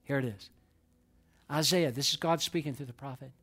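A middle-aged man preaching a sermon to his church, swinging between loud emphatic peaks and soft hushed lows. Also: normal speed, husky, soft background music. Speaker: pastor. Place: church sanctuary.

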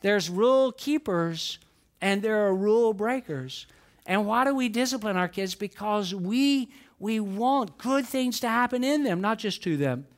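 A man's voice: high-pitched, lively intonation, measured pace. An older man preaching a sermon. He tells family stories and keeps asking the congregation questions, often repeating himself. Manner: repetitive, questions the congregation, storytelling. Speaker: pastor.

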